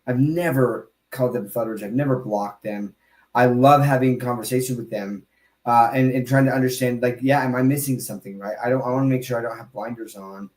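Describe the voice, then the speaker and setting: A podcast host chats casually with heavy emphasis, veering into quick asides and starting his sentences over. His mid-range voice holds a steady, darkish tone, and the room has a noticeable echo.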